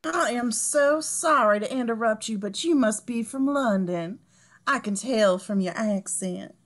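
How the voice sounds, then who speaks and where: A woman playing a gossipy, snobbish Southern heiress with a thick drawl, in a comedic table read. She speaks slowly, in a slightly high voice, and savors every bit of gossip. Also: lightly acted. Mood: gossipy, gushing. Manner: chatty, affected, gossipy.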